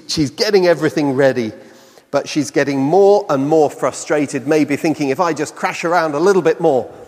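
Man preaching in a reverberant hall. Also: medium pitch. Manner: conversational, asks rhetorical questions. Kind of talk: sermon.

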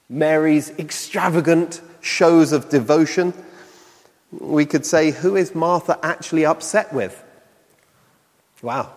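A man's voice: on the high side, long reverb tail. A man preaching a sermon in a reflective way, asking many questions.

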